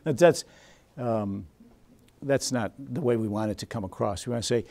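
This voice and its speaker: Lively man teaching a seminar. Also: mid-range voice, moderate pace, vocal fry. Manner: animated, quizzes the audience and acts out scenes. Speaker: seminar presenter.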